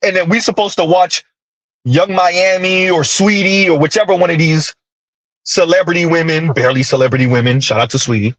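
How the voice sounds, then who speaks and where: A millennial man with a high, light voice delivers a casual, ranting commentary full of sarcastic asides. He sounds close and dry, with no room around him. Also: fairly quick, fairly bright tone, no room sound. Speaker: commentary channel host.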